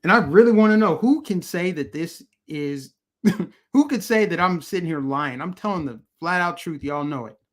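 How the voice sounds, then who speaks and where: A man's voice: fairly high pitch, lively intonation, normal speed, a bit bright. Heated, emphatic man ranting on stream. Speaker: political commentary host. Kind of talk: live-streamed commentary rant, answering chat.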